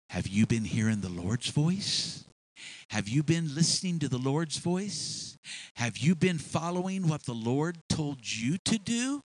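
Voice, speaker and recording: A man's voice: a little high, sing-song, unhurried, no echo, poor audio. A man preaching a sermon with emphatic delivery that rises and falls. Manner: emphatic, rising and falling delivery.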